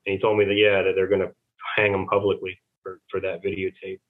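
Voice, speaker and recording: A man's voice: low-pitched, monotone, fast talker. A man speaking as a guest over the phone, rambling and full of fillers, often retelling conversations. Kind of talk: rambling phone interview storytelling. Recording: tinny phone line.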